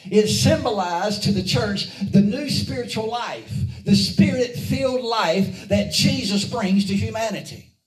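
Heard from a distance in echoey church audio, a preacher with a voice that sits high speaks unhurriedly. His sermon is fervent and rhythmic, built on call-and-response as he drives the congregation to echo his words.

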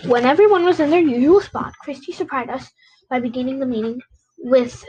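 Woman reading a novel aloud, higher voice. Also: a little fast, a little mellow, a little hiss or hum, poor audio. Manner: unpolished, with slips and rereads. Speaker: reader.

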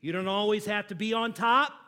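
A pastor preaching a sermon, moving from loud emphatic lines to low hushed phrases, chatting with and joking with his congregation. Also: brisk. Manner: conversational, asks the congregation questions and jokes with them.

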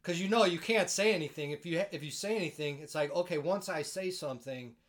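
A man's voice: fairly high pitch, quick pace. A man co-hosting a casual podcast in a laid-back, joking way, swearing casually. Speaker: podcast co-host. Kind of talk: casual chat.

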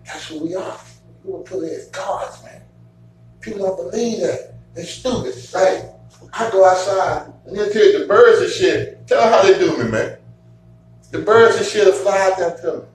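A man hosting a casual chat, telling stories in a profane, animated way and getting loud at times. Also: sits high, moderate pace. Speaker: show host. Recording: echoey room from far off, faint hum.

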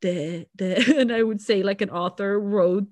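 A woman's voice: mid-range voice, moderate pace, darkish tone, dry recording. A young woman co-hosting a casual podcast chat, telling rambling stories with frequent laughter and restarts. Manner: rambling storyteller, laughs often, many restarts. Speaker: podcast co-host.

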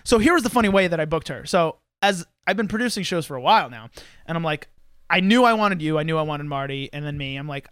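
Fast-talking, high-voiced podcast host man. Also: clear, resonant tone, no echo, studio quality. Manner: excitable, profane, rambling. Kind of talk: casual chat. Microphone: headphones and studio mic.

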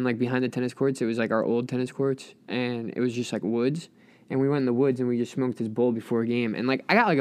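Give me a young man as a podcast guest, animated storytelling, laughing and swearing. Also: medium pitch, clean tone. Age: young adult. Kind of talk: casual chat.

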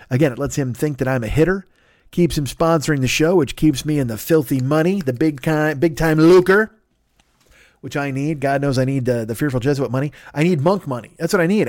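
A man's voice: mid-range voice, darkish tone, no room sound, studio quality. A man hosting a podcast, chatting casually and riffing on tangents with crude, jokey humor. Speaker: podcast host. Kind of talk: casual, rambling promo chat.

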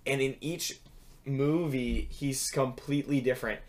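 A young man hosting a podcast in casual chat, animated and quick to talk over the others. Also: mid-range voice. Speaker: podcast host.

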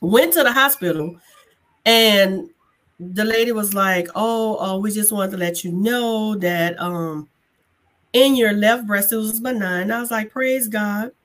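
A woman guest telling a personal story in a casual chat, colloquial and animated, acting out the dialogue and laughing as she goes. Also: medium pitch, unhurried. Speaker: guest sharing a testimony.

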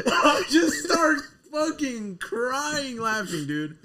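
A young man co-hosting a casual podcast, telling stories in an animated way, swearing and breaking into loud laughter. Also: extremely high pitch, slow, few pauses, crowd noise. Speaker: podcast co-host.

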